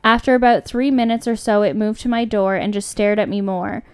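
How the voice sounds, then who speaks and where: A young woman co-hosting a podcast, chatting casually and then reading a story aloud at a steady pace. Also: medium pitch, clean tone. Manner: chatty, laughs easily, reads with slow steady pacing. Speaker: podcast co-host.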